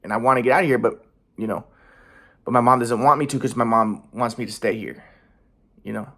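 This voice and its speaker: A man's voice: medium pitch, fairly quick, sharp tone, husky. A man in his thirties, talking in his apartment in an aggrieved, rambling, repetitive monologue. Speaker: vlogger. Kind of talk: monologue to camera. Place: apartment by an alleyway.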